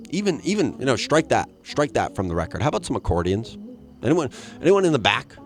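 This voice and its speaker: A man's voice: mid-range voice, very animated, fast talker, faint music behind. A man hosting a podcast, rambling through a comic solo monologue with crude asides and jumping into acted voices for the people he quotes. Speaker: podcast host.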